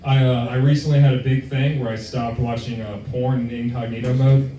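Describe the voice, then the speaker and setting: A man's voice: mid-range voice, level tone, a little fast, mellow, recorded from a distance, highs cut off. A young man performing a stand-up set, offhand and self-deprecating, with lots of swearing. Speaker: stand-up comic. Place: comedy club. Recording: roomy club sound from afar, room noise.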